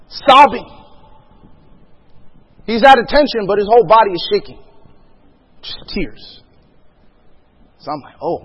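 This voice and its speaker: A man's voice: high voice, breathy edge. A man giving a spoken testimony to an audience, telling his story vividly, acting out the voices of others, and laughing often as he goes. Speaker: speaker sharing a personal testimony. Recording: dull lo-fi sound with long hall reverb.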